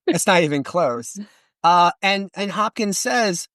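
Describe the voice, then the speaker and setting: A man, an author and historian, talking in a casual podcast interview, animated and chatty with many restarts and fillers. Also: high voice, slow, dry recording.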